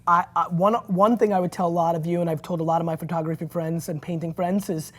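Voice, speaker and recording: A man's voice: a little high, fairly even intonation, fast talker. A man as an interview guest, talking in a brash, emphatic way and swearing freely. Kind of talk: casual interview chat.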